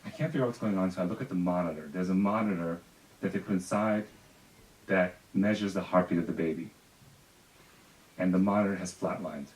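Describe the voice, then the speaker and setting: A man from Spain telling a personal story live on stage, wry and self-deprecating with quick asides. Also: low-pitched, a little mellow. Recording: echoey room, distant mic, faint noise.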